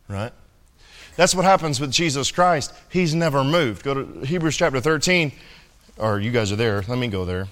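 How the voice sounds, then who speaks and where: A man's voice: mid-range voice, expressive, normal speed, a bit bright, big-room sound. A young man preaching a sermon in a conversational, joking way, often asking "right?". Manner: conversational, jokey preaching with many "right?" asides. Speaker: pastor.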